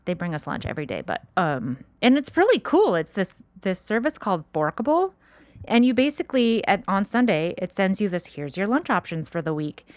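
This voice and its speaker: Lively, chatty young woman, dry sound. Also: medium pitch, brisk, dry recording. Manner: chatty and upbeat, laughs often. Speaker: podcast co-host. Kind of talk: casual chat.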